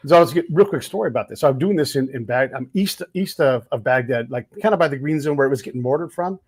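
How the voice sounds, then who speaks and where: A man's voice: medium pitch, fast talker, breathy edge. A man hosting a podcast, telling stories in casual, profane talk and acting out the people he quotes. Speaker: podcast host. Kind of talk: casual interview chat, storytelling.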